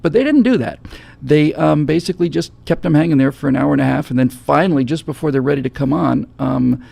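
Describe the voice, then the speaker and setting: Gravelly, husky male host telling a story. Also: on the high side, fast, hardly any pauses. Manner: animated storyteller, acts out scenes. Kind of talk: casual storytelling chat.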